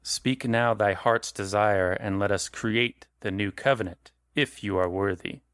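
A man's voice: fairly low pitch, measured pace, fairly bright tone, clean tone, dry recording, studio quality. A man voicing a solemn male djinn that poses as a dead friend and speaks in archaic, formal phrases during a tabletop game.

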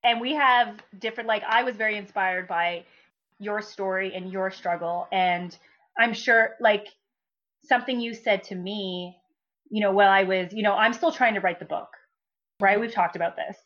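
A woman's voice: mid-range voice, moderate pace, fairly bright tone. A woman guest on a podcast in casual chat, telling her story animatedly and acting out her own quoted thoughts. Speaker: guest, brand strategist and coach. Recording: dull lo-fi sound.

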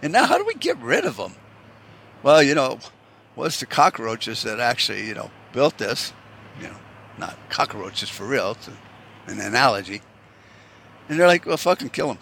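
An American man delivers a rambling, profanity-laced political rant, angry and full of restarts. His pitch swings widely from line to line, and the tone stays bright and forceful. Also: sing-song, moderate pace, gravelly, pauses often, a little hiss or hum. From United States.

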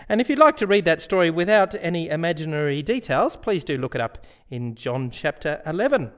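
A man hosting a comic radio-style show, polite and earnest, often chuckling. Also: a little high. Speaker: host.

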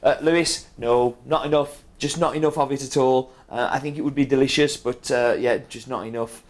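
A man's voice: medium pitch, steady tone, fairly quick. A middle-aged man with a strong British accent, chatting casually as he reads out viewer comments, with plenty of ums and uhs. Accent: British English. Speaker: coffee roaster reading viewer comments. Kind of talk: casual chat.

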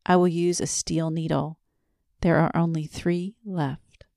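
Careful old man guarding his records, soft measured delivery, dry close sound, a woman voicing him. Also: low-pitched, little pitch movement, creaky, no room sound. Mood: gentle.

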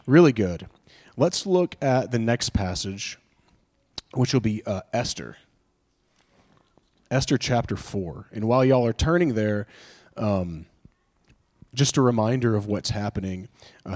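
A man's voice: fairly low pitch, lively intonation, measured pace, long pauses, darkish tone. A man preaching a sermon in an earnest, conversational way, often asking rhetorical questions and restarting his phrases. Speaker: pastor.

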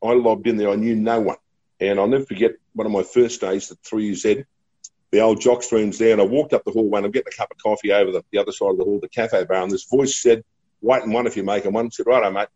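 Australian man, middle-aged, husky low voice, mellow tone, dull lo-fi recording. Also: fairly even intonation, fast talker. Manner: chatty, laughing anecdotes. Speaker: radio broadcaster guest. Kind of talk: casual storytelling.

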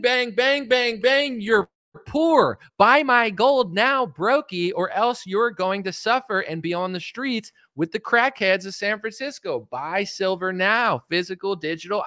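A man's voice: high voice, lively intonation, a little slow, sharp tone, dry recording, clean studio sound, voice pushed up, exaggerated voice. A man voicing a pushy, greedy doomsday salesman hawking gold in a hard-selling, repetitive way. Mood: frantic.

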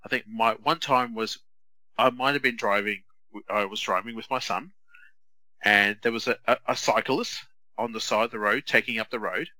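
Bright-voiced Australian man telling stories. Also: fairly low pitch, normal speed, dry recording, low-quality recording. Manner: animated storyteller, swears freely. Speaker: podcast co-host. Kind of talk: casual watch-along chat.

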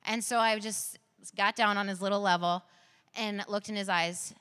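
A woman in her thirties gives an earnest sermon full of personal stories. Her voice is bright and forward. It rings with the long reverb of a large hall. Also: medium pitch, fairly even intonation, moderate pace, clear, resonant tone. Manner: earnest, storytelling, laughs at her own stories. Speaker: preacher.

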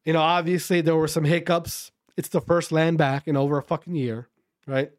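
A man ranting to his viewers about amateur esports players in a profane, fired-up way, then calmly going over the latest news. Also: a little high, normal speed, no room sound, studio quality. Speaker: esports commentary streamer. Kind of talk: casual rant and news rundown.

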